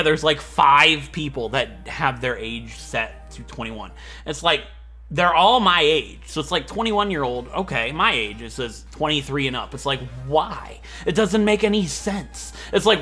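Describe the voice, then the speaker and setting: Young male let's-play host, bright lively voice, rambling jokes. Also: on the high side. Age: 20s. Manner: rambling, joking, laughs a lot. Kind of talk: gameplay commentary.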